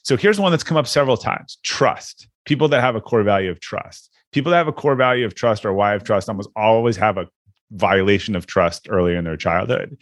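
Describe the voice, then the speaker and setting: A man's voice: on the low side, brisk, no echo, clean studio sound. A man hosting an interview, talking earnestly and reflectively about his experiences with leaders. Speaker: podcast host. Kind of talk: casual interview chat.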